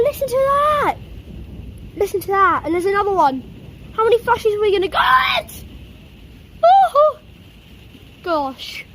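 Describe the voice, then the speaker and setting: High, lively woman, breathless storm vlog. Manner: excitable, gasping exclamations, repeated "oh my God". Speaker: storm-chasing vlogger. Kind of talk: live storm vlog, talking to viewers. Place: outdoors in a thunderstorm. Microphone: handheld or propped camera. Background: rain, wind and thunder.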